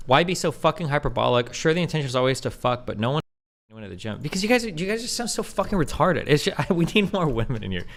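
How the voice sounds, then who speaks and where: A man in his thirties rants to his livestream chat in a quick, heated flood of words. His voice sits a touch high and swings widely in pitch as he mocks people in silly voices. He is blunt and profane throughout. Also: sing-song. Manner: mocking put-on voices when quoting others. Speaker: streamer.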